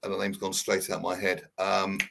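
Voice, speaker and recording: A man's voice: deep voice, monotone, normal speed, gravelly, fairly bright tone, a little hiss or hum. A man co-hosting a radio show, summing up earnestly and reflectively with frequent ums. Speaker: radio co-host. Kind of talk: casual radio chat with wrap-up summary. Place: radio studio.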